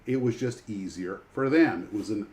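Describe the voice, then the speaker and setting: A man's voice: fairly low pitch, moderate pace, darkish tone. Rambling retired man. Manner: rambling storyteller with many restarts. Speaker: livestream host. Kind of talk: casual chat.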